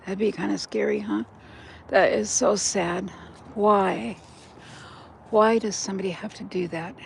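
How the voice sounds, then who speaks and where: A woman's voice: medium pitch, fairly even intonation, a little slow, creaky, slight background noise. An older woman rambling through a walk-and-talk vlog outdoors by a river, chatting straight to her viewers on a handheld phone. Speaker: vlogger. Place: outdoors by a river in cold weather.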